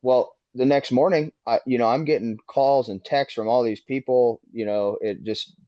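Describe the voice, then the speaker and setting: A man's voice: medium pitch, moderate pace. A man telling a podcast host a long story with plenty of swearing, and he acts out the heated quotes in his story. His voice sits in the middle, and it comes through dull and lo-fi. The room is dry, with no echo. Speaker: race car driver guest.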